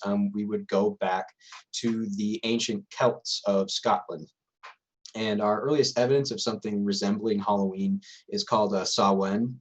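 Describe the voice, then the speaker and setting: A young man presenting a casual livestream lecture with a loose, hesitant delivery. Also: on the low side. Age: young adult.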